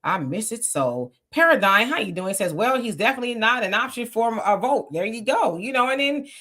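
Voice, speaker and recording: A woman's voice: fairly high pitch, animated, brisk, fairly bright tone. A woman hosting a casual livestream, greeting viewers by name and reading their comments aloud. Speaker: livestream host reading chat. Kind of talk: casual live chat.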